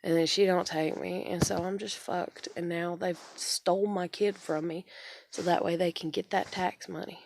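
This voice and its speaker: A woman's voice: fairly low pitch, steady tone, moderate pace, creaky, a little mellow, slight background noise. A woman in her thirties venting in a rambling, frustrated way and swearing often, in a casual monologue. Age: 30s. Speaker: vlogger.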